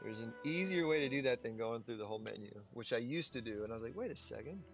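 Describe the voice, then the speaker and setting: A man's voice: mid-range voice, fast talker, music in the background. A tired man chatting casually with viewers while he plays through a game. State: tired, yawning. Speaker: game streamer. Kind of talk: casual livestream gameplay commentary.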